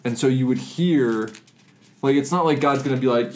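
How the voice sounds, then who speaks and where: A man's voice: medium pitch, normal speed. A man co-hosting a casual podcast about faith, joking and then reflecting, often restarting his sentences. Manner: joking, reflective, self-interrupting. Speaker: podcast co-host.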